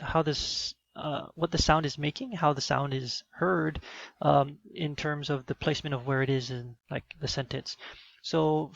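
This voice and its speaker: A man's voice: a little high, vocal fry, no room sound, dull audio. A man giving a recorded teaching demo, explaining in an instructional way with some fillers.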